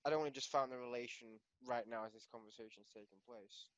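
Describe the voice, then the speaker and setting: A man's voice: medium pitch, steady tone, quick pace, no room sound, dull audio. A man running a tabletop game, chatting out of game with his players, teasing them, swearing freely and laughing often. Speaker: game master.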